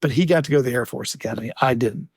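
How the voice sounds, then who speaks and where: A man co-hosting a casual podcast and reading listener mail, animated, often restarting his sentences and laughing. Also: mid-range voice, racing, slightly rough, no echo, studio quality. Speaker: podcast co-host.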